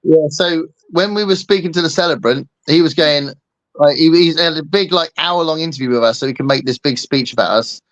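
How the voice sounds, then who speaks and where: A man's voice: on the high side, brisk, dry recording. A man hosting a casual chat, rambling and joking with lots of fillers. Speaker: host.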